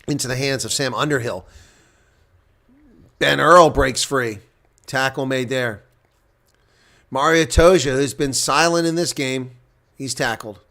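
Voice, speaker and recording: A man giving live reaction play-by-play commentary on a rugby match, getting loud on big plays and dropping to quiet asides. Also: medium pitch.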